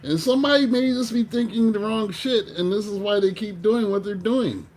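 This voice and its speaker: Animated male tarot reader, swears freely. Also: high-pitched, moderate pace, soft background music. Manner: animated, swears, talks to himself. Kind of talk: casual tarot reading.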